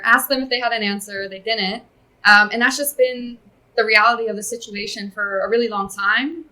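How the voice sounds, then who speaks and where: A woman's voice: a little high, sharp tone, low-quality recording. A woman from California, a guest on a business podcast, explaining her company's work fluently and upbeat in casual chat. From California, USA.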